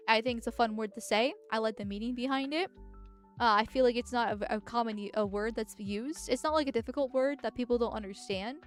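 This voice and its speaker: A woman hosting a casual political livestream, chatty and blunt, reacting to clips and thanking viewers. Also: fairly high pitch. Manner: chatty, blunt, with sighs and laughs. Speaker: vtuber host.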